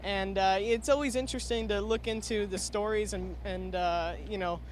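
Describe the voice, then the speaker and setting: A man's voice: high voice, steady tone, normal speed, a little hiss or hum. A young man reporting from a race garage, earnest and slightly breathless. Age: young adult. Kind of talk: casual interviewing.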